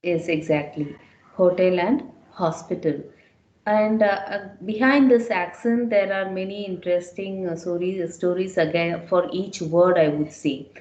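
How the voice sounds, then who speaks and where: A woman's voice: lowish voice, normal speed, few pauses, darkish tone, lo-fi sound. A woman teaching a French class, explaining step by step and repeating words so students can follow. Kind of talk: classroom lecture. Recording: echoey room.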